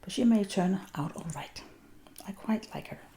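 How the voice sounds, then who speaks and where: A woman's voice: mid-range voice, animated, normal speed, warm tone, a little hiss or hum, voice pushed up, close to an everyday voice. Woman reading as a blunt older gossip. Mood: forgiving. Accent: Danish. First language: Danish. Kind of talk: whispered role-play.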